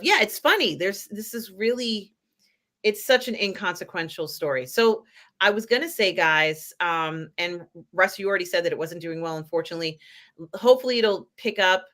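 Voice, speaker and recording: Woman host, bright and forceful voice, rambling casual chat. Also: medium pitch, expressive, normal speed. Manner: rambling, chatty, many fillers. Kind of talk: casual pop culture chat.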